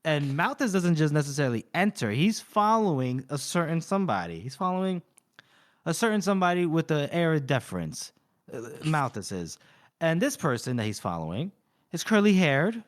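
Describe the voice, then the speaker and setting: A man talks on a podcast in a slightly higher voice, recapping a story with energy. He breaks into little acted-out lines as he goes. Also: normal speed. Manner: animated retelling, acts out quoted lines. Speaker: podcast co-host recapping a novel. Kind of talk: casual chat.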